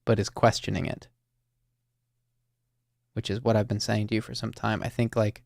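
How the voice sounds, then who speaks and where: A man hosting a call-in listening show, talking slowly and thoughtfully to a caller with many fillers and restarts. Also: on the low side, flat delivery, creaky, darkish tone, no echo, clean studio sound. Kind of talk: reflective, gentle conversation with a caller.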